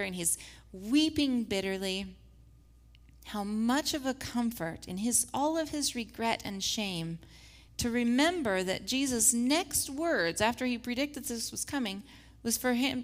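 A woman teaching a faith-based lesson with slides, who acts out the scripture quotes in lively voices. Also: fairly high pitch, long reverb tail. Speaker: Bible study teacher.

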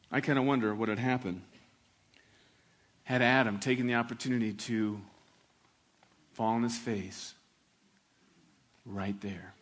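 A pastor preaching a sermon with animated delivery, swinging from loud emphasis to hushed, slow reflection. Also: male voice, mid-range voice.

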